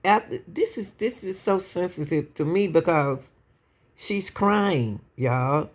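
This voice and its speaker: A woman's voice: on the low side, animated, takes it slowly. A woman hosting true-crime commentary who talks straight to her viewers with lots of rhetorical questions. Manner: keeps addressing the audience as y'all, asks rhetorical questions. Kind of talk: emotional casual commentary to viewers.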